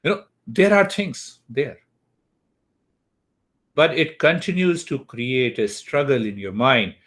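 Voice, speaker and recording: Brief: man, spiritual teacher, unhurried class talk over a video call. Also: medium pitch, fairly bright tone. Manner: slow, deliberate, checks in with students. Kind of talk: online class lecture.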